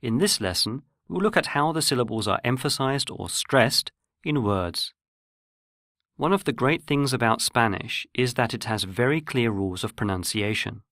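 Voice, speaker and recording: A man giving scripted, measured narration for a pronunciation lesson. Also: medium pitch, lively intonation, pushed and bright, dry recording, studio quality. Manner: measured, explanatory. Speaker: language course narrator.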